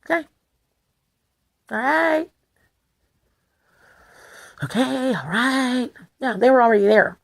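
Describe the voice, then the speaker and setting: Talking casually to her audience, this vlogger rambles along with emphatic, rapid bursts of repeated words and lively intonation. Her voice sinks lower and grows rough.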